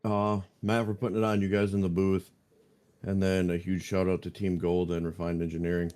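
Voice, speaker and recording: A man's voice: deep voice, monotone, a little fast, a little mellow, clean tone. A man as a sim racing driver answering interview questions in an easygoing, rambling way. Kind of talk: post-race interview.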